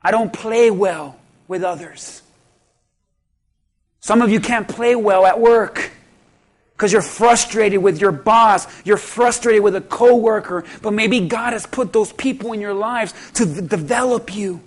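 Male pastor, very high voice, slow and deliberate, preaching to his church with repeated lines that swell into shouts. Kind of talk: sermon.

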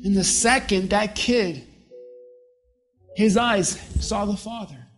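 A pastor preaching a sermon with emphasis, slowing down to stress key words. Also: mid-range voice, lively intonation, music in the background.

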